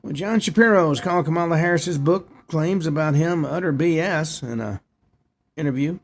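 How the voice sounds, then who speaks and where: A man's voice: on the high side, moderate pace. A man hosting a talk show, reading news headlines and adding short opinionated asides. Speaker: host. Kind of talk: news commentary.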